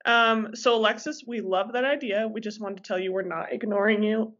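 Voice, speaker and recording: A woman's voice: mid-range voice, steady tone, moderate pace, fairly bright tone. A young woman co-hosting a podcast, bubbly and giggly in casual chat. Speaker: podcast co-host. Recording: dull lo-fi podcast mic.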